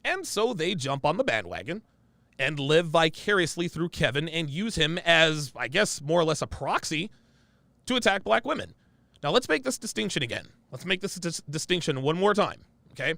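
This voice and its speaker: A man's voice: on the high side, sing-song, normal speed, gravelly, pushed and bright, no room sound. A man hosting reaction commentary who talks emphatically and keeps checking in with "right?" and "okay?". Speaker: commentary host.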